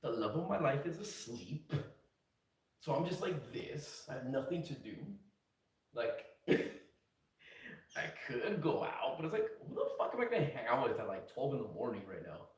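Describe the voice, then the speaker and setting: Laid-back profane streamer in a roomy room. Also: male voice, medium pitch, sing-song, normal speed, far from the mic. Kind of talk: casual late-night stream chat. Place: house, indoors, at night.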